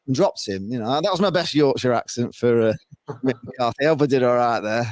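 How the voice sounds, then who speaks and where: A man appearing as a podcast guest, talking football in a rambling, animated way and laughing often. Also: medium pitch, brisk, dry recording. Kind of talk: casual football chat.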